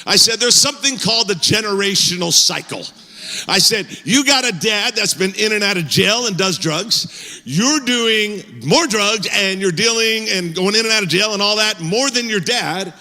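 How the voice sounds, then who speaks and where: A male pastor telling a story in a sermon, lively and self-mocking, with a joking way of talking. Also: sits high, moderate pace, big-room sound. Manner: animated, self-mocking humor. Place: church auditorium.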